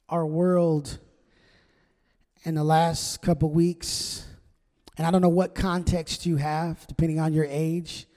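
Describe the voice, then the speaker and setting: Male pastor, conversational preacher, mellow and slightly high voice, call-and-response, echoing sanctuary. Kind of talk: sermon. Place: church sanctuary. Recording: long church hall reverb.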